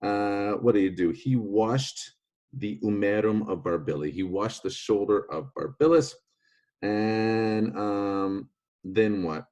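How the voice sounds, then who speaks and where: A man's voice: fairly low pitch, slow pace, darkish tone. A man teaching a Latin lesson online in a playful way, with jokey asides.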